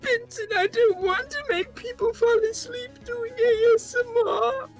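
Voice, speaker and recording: A man voicing a fretful, timid middle-aged male artist from a game, in a high, strained, whiny falsetto. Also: fairly even intonation, a little slow, faint music behind.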